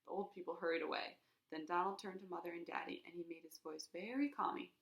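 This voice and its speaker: A woman reading a children's chapter book aloud in an expressive way, acting out the sound effects. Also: on the low side, fast, echoey room. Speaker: reader.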